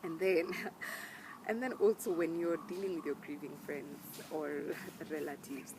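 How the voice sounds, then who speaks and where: A woman's voice: low-pitched, measured pace, noisy background. A young woman with a Kenyan accent talking earnestly and emphatically to camera in a casual vlog. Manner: earnest, emphatic, mixes in Swahili slang words. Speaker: vlogger. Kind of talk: casual heartfelt talk to camera.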